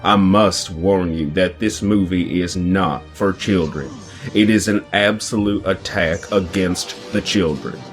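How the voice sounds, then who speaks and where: A man playing a prim, prudish movie critic who gives a deadpan review on local TV. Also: low voice, measured pace, faint music behind.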